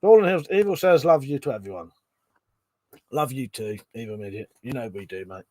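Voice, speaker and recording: A man's voice: medium pitch, lively intonation, fairly quick, darkish tone, a little hiss or hum. A man, hosting a casual livestream at home, reading chat and swearing freely between chuckles. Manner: swears often, chuckles, mutters asides. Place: bedroom at home.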